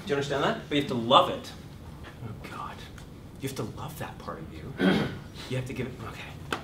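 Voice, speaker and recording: A man in his fifties, an acting teacher, giving a lively seminar talk to a class, self-deprecating and swearing freely. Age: 50s. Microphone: distant room mic. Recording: echoey room, far mic, rumbling noise.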